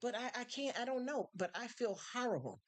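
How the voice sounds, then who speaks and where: A woman's voice: fairly high pitch, lively intonation, fairly quick. A woman hosting a live stream in casual chat, rambling and repeating words when worked up.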